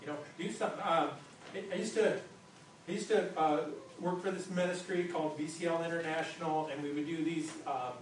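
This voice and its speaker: A male pastor preaches conversationally in a fairly high, even voice at a slightly quick pace, often stumbling and repeating words as he restarts sentences. The distant mic picks up a very echoey hall and faint noise.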